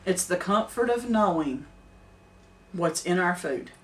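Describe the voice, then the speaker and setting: A woman's voice: on the low side, animated, measured pace. Earnest older woman, off-mic. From Middle Tennessee. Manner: earnest, emphatic, laughs easily. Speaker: homesteader. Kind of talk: casual chat. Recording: distant mic.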